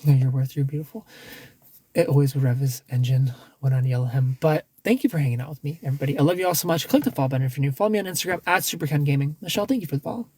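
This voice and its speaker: A man's voice: on the high side, rapid-fire, hardly any pauses, darkish tone, slight background noise. A man hosting a casual livestream, giving blunt dating advice with lots of restarts and some swearing.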